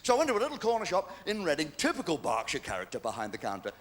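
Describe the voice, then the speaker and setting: A man's voice: fairly high pitch, wildly swooping pitch, rapid-fire. An English man in his sixties doing live stand-up comedy, chatty and cheeky with well-timed punchlines, on stage at a large venue.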